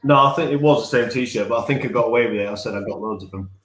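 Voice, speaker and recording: A man's voice: on the low side, very fast, fairly bright tone, reverberant. A man co-hosting a casual live-stream podcast from home, chatty and rambling, often laughing at himself. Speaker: podcast co-host.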